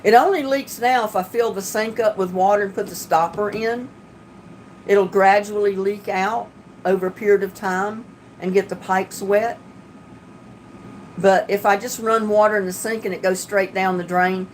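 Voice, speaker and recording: An older woman talks to her livestream viewers from home in a relaxed, chatty manner. Her voice sits in a middle pitch, neither high nor low. A faint background hum sits under her talk. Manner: chatty, homey, talks about fixing things herself. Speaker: livestream host. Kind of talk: casual chat reading viewer comments.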